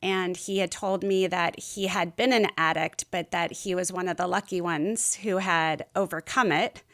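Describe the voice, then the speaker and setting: A woman's voice: lowish voice, fairly even intonation, normal speed, fairly bright tone. Middle-aged woman, podcast guest, candid rambling storytelling, casual chat, lots of fillers.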